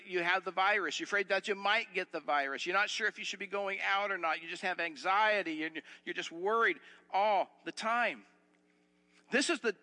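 Male pastor, high bright voice, earnest sermon delivery with a long hall echo. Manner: earnest, repeats and restarts phrases, asks the listeners questions.

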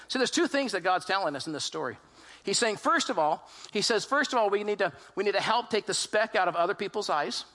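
Pastor, male, high and bright-toned, animated storyteller who quizzes the room. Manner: animated storytelling, asks the congregation questions; acts out quoted voices in his retelling. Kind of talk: sermon.

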